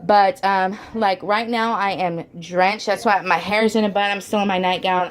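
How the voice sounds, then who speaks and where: A woman and mother of four chatting casually to her camera at home, rambling, with lots of fillers and restarts, and the odd "y'all". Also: mid-range voice. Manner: homey, says "y'all". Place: at home, indoors.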